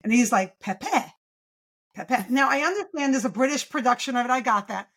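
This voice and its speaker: Brief: woman, pediatric speech therapist guest, eager and emphatic, voice sits a little high. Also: fast talker, fairly bright tone. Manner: enthusiastic, emphatic, explains with rhetorical questions. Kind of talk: podcast interview.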